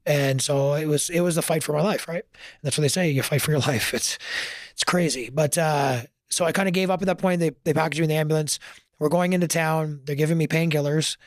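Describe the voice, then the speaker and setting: A man's voice: a little high, steady tone, a little fast, no room sound, clean studio sound. A man telling his story in a casual interview, earnest and emotional, at times choking up. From Canada. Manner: earnest, emotional, gets choked up. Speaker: firefighter guest.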